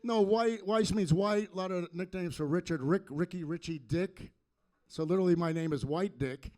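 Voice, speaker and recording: A man performing a stand-up comedy set on a club stage, delivering deadpan punchlines into a handheld mic. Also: high voice, normal speed. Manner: deadpan punchline delivery with sung parody bits.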